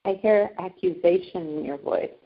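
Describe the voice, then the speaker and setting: A woman's voice: mid-range voice, moderate pace. A woman taking part as a client in a tapping session, thoughtfully describing her feelings and repeating the phrases back. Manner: reflective, laughs lightly, repeats phrases back. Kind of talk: candid conversation. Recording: dull, lo-fi sound.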